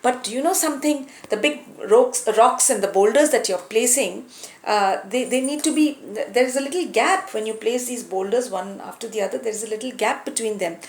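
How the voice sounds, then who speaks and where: A woman voicing a wise, kind male god-king who gently advises, recorded in a room with a roomy echo. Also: on the high side, a little fast, a little hiss or hum, natural voice. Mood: advising. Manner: gentle, instructive.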